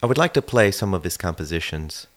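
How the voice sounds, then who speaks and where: A man's voice: low-pitched, very animated, fast talker. A man hosting a radio interview, asking short polite questions and introducing the music. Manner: brief prompts and polite questions. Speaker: interviewer, program host.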